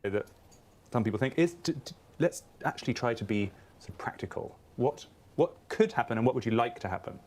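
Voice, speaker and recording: A man's voice: medium pitch, lively intonation, a little fast, darkish tone. A man moderating a panel discussion, putting wry, probing questions to the guests.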